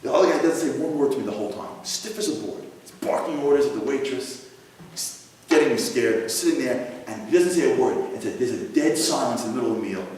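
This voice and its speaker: A man spins a funny personal story for a live crowd, his voice swinging up and down with animated comic timing. He is heard from well back in a big, very echoey synagogue hall with a long ringing tail. A faint hum of room ambience sits underneath. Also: medium pitch, a little fast, far from the mic.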